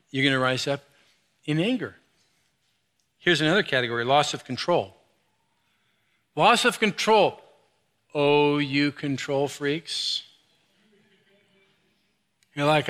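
A middle-aged male pastor with a bright, forceful voice that sits a little high for a man. He preaches with animation, dropping low and quiet, then rising loud and high. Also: measured pace, long pauses. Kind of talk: sermon.

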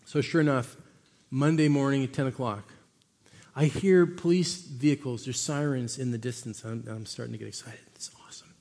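A man preaching as a pastor, telling stories with animated swings between loud and hushed delivery. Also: medium pitch, moderate pace, in a large hall. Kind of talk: sermon.

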